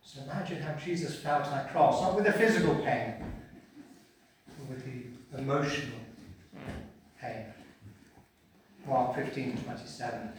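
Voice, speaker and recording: A man preaching a sermon and reading scripture, swinging between hushed and loud delivery. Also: medium pitch, measured pace, long pauses, slight background noise. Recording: echoey hall picked up from a distance.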